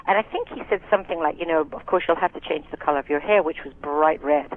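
A woman's voice: low voice, quick pace. A woman in her sixties from Scotland, a singer and actress telling frank, chatty stories with many asides in a casual interview. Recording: tinny phone line, dry.

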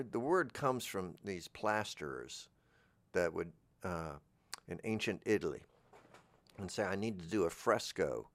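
A man's voice: fairly low pitch, creaky, no echo. A man in a rambling comedic monologue, drifting through absurd, meandering trains of thought. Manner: talks over background music. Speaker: comedic character host.

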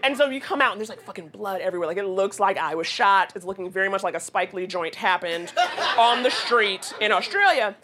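A woman's voice: mid-range voice, fairly quick, background noise. A woman telling a comic story in a radio studio, laughing often and swearing freely. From United States. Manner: profane, laughing, animated. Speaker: guest storyteller.

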